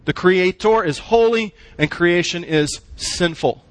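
A man's voice: high-pitched, a little slow, no room sound. A man preaching a sermon, emphatic, using short punchy phrases and asking the congregation questions. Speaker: pastor.

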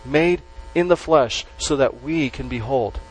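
A man preaching a sermon to a congregation, stressing key words slowly and letting his voice drop at the ends of phrases. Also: mid-range voice, slight background noise, rough recording. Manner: emphatic, with slow stressed words and dropped endings. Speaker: pastor.

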